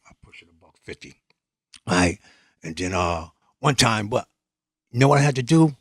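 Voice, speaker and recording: A man from New England, a podcast guest telling street stories in a lively, streetwise way and acting out other people's lines. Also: fairly low pitch, normal speed, breathy edge, dry recording, clean studio sound. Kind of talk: storytelling in casual conversation.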